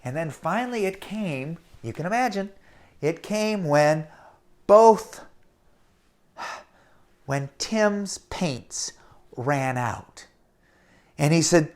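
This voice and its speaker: Animated male children's storyteller. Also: fairly high pitch, slow pace, pauses often. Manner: animated, addresses the children directly. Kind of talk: reading a children's story aloud.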